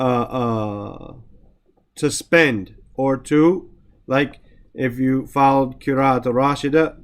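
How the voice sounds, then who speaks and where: A man with a somewhat high voice teaches the vocabulary of Quranic verses. He recites each verse rapidly, then slows down to break the words apart, repeating key terms. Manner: explains word by word, recites Arabic verses quickly, repeats terms.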